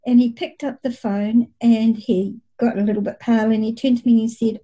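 Her tone is dark and her pitch fairly high, and she talks a little fast with fairly even intonation and barely any pauses. The speaker is a middle-aged psychic medium recounting her experiences at length in a reflective, conversational interview, and the audio is poor.

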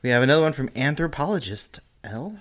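A man's voice: mid-range voice, animated, fast. Chill guy cohost, laughs a lot, reads out listener notes. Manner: laid-back, giggly, reads messages aloud. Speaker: podcast co-host. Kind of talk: casual podcast banter.

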